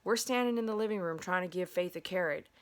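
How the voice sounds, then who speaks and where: A woman's voice: fairly low pitch, quick pace. A woman, vlogging from her bedroom in a chatty, rambling way, full of fillers and restarts. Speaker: dog groomer and channel host. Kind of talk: casual vlog storytelling. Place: bedroom at home.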